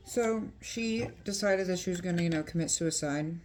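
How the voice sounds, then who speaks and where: A woman's voice: on the low side, a little slow, noisy background. A woman chatting casually while doing her makeup, retelling a myth with lots of fillers and asides. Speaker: beauty vlogger.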